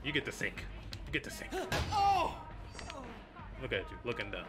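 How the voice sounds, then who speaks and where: Casting note: male gameplay streamer. Lively, swinging delivery, trash-talks and repeats lines, loud game music behind him. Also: lowish voice, normal speed. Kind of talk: casual gameplay commentary.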